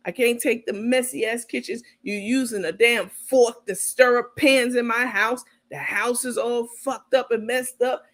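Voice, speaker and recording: A brash, bossy woman on the phone, loud and blunt with plenty of attitude, played by a woman. Her voice sits a little high and hits hard. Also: steady tone, a little slow, hardly any pauses. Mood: sassy.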